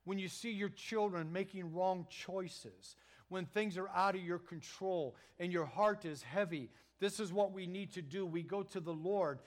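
Earnest preaching man, pitched a bit high. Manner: earnest, emphatic preaching with swells in volume and halting restarts. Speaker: pastor. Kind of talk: sermon.

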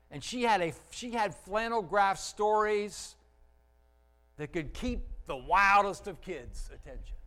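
Through a rough recording, a man preaching as pastor tells sermon stories in a fairly high-pitched voice. His emphasis is lively, shifting between loudness and slow, quiet stretches, and he asks the congregation questions.

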